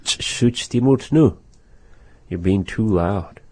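Deep, dark-voiced man teaching words. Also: no echo. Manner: repeats words slowly to teach them. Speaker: language teacher. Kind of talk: casual language lesson.

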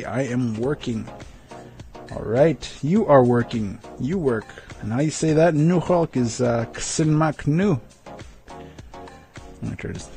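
A man hosting a radio segment, slowly teaching words of the day and repeating each one with care. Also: medium pitch, dark tone. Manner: slow, repeats words carefully, chuckles at himself. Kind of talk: casual language lesson on radio.

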